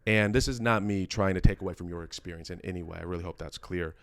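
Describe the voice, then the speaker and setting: A man's voice: sits low, a bit bright, no room sound, studio quality. A man hosting a podcast in casual conversation, earnest and reflective, often restarting his sentences. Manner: earnest and halting, full of restarts; emotional and reflective. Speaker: podcast host.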